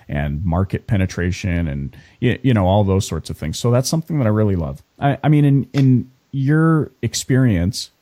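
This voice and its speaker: A man's voice: on the low side, mellow. A Canadian man with a Canadian accent hosting a casual interview, playful and joking. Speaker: podcast host.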